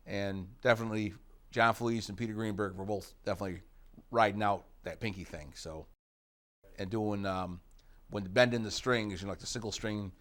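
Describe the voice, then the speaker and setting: A man's voice: lowish voice, fairly even intonation, normal speed, a bit bright. A middle-aged man from the United States, a rock guitarist being interviewed, talking in a rambling way with many fillers and asides. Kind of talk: casual interview reminiscing.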